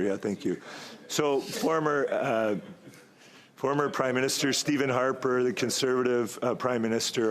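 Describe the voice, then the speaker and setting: A man speaking as a member of parliament at a committee, delivering a long, halting floor speech with many pauses and a slightly hoarse voice, at times jabbing at his opponents. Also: mid-range voice. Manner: rambling, halting, stalling for time; argumentative toward opponents.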